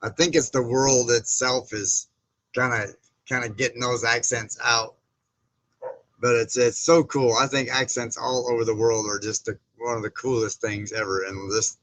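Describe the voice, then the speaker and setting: A man hosts a casual livestream with a bright, forceful voice. He rambles with plenty of fillers and restarts, reading chat comments and greeting viewers by name. His tone stays friendly and informal throughout. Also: lowish voice, flat delivery, moderate pace, dry recording, low-quality recording. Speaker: livestream host. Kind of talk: casual live-stream chat.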